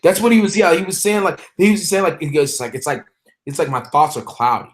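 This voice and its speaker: A man's voice: fairly high pitch, steady tone. Guy guesting on a podcast, keeps restarting his sentences, loose casual chat. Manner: halting, many restarts and fillers.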